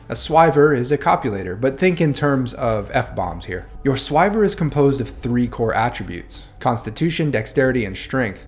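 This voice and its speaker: Man narrating a tabletop game review. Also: mid-range voice. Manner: reads rulebook passages aloud, tries out Cockney sounds.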